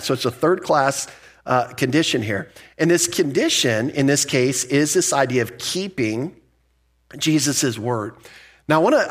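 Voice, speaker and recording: A middle-aged man pastor teaching verse by verse through scripture, conversational and emphatic, with asides and quick self-corrections. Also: fairly high pitch, fairly bright tone.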